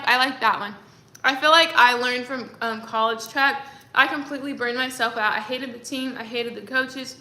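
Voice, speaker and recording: A woman's voice: on the high side, normal speed, bright, forceful tone. A young woman chatting casually on a livestream, rambling with lots of fillers. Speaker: livestreaming creator. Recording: echoey room.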